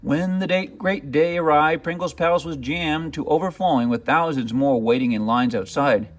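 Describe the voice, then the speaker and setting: A man reading a children's picture book aloud as narrator, with expressive, dramatic storytelling. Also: fairly high pitch, normal speed.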